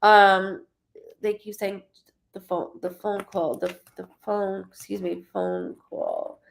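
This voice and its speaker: A woman in her thirties giving a live-streamed psychic reading, halting and stuttering, often repeating words as she searches. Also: medium pitch, animated, gravelly. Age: 30s.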